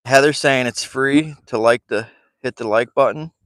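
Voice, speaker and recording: A man's voice: medium pitch, normal speed, a bit bright, dry recording. A man telling a rambling story to camera while fishing from a boat. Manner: rambling, chatty, laughs through his story. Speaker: fishing vlogger.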